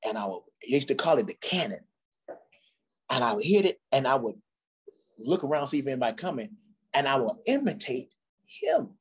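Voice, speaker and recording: A man from Ghana, a drummer, tells childhood stories in a relaxed conversation. His voice is a little husky, and his pitch swings lively up and down as he acts out the people in his tales. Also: fairly quick, long pauses. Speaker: guest drummer. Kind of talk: storytelling in a conversation.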